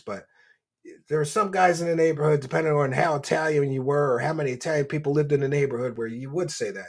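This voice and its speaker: A man's voice: a little high, fast, slightly rough. A man hosting a livestream, reading donations and mocking a guest in a boastful, rambling way. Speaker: livestream host.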